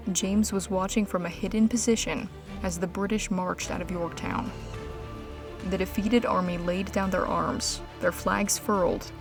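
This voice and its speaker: A woman reading a scripted history story in a measured, dramatic storytelling manner. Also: medium pitch. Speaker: narrator. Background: music.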